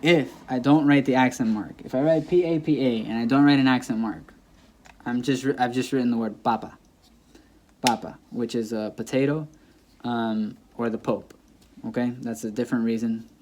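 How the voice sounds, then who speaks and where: A man teaching a language lesson in a patient, repetitive way, saying example words aloud several times so the stress is clear. His voice is mellow and dark, at a middle pitch for a man. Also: fairly even intonation, normal speed, a little hiss or hum. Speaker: Spanish teacher. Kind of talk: classroom-style lesson explaining grammar.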